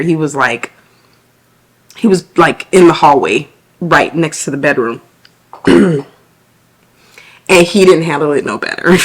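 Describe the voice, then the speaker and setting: A young woman, a stay-at-home mom vlogging to camera in a chatty, animated way with lots of fillers. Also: low-pitched. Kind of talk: casual chat to camera.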